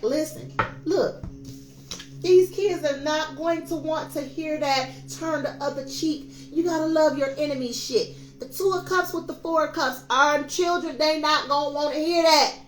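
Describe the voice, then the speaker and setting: A woman in her fifties giving a casual, preachy tarot reading, talking straight to her viewers. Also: sits high. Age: 50s. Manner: emphatic, preachy, addresses viewers as y'all. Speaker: tarot reader. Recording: echoey room with faint music.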